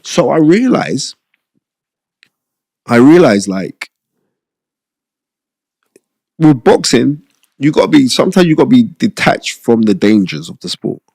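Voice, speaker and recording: A middle-aged man, a podcast guest, telling stories in an animated, rambling, streetwise way with a lot of repetition. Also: medium pitch, a little slow, vocal fry, pauses often, no room sound, clean studio sound. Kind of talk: casual storytelling interview. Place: podcast studio.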